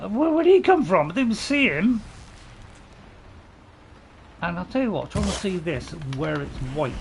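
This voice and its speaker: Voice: mid-range voice, sing-song, a little slow, gravelly. Exasperated gamer talking over noise. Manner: exasperated, talks to enemies, laughing at own panic. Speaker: let's play gamer. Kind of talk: live gameplay commentary.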